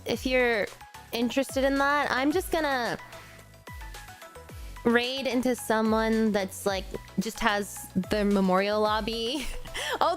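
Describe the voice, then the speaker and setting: Young woman, live-stream chat, emotional, effusive, fairly high voice, slow-paced. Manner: emotional, effusive, repeats words often. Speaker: streamer reading a game story aloud.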